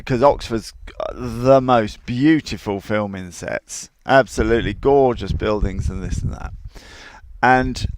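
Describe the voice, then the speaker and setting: A man's voice: medium pitch, noisy background. A man who trains horses, giving casual advice with rambling, digressive anecdotes and frequent chuckles. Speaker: horse trainer and show host.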